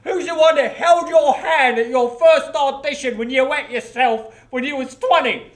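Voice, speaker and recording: A man's voice: extremely high pitch, normal speed, echoey room. A man playing a crude, cantankerous old father, a retired miner who is hard of hearing, in a comedy sketch over a video call. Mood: indignant.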